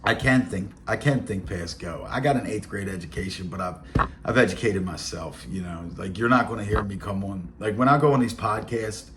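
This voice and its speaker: Baltimore man near fifty, low voice, blunt streetwise storyteller with a faint hiss behind him. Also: normal speed. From Baltimore, Maryland. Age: 40s. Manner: blunt, streetwise, rambling with fillers and asides. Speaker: podcast host. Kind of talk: casual storytelling monologue.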